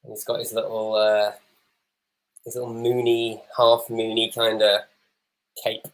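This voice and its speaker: A man's voice: fairly low pitch, monotone, a little slow, rough recording. A man co-hosting a casual watch-along review of a TV episode, chatty and wry as he reacts to the screen.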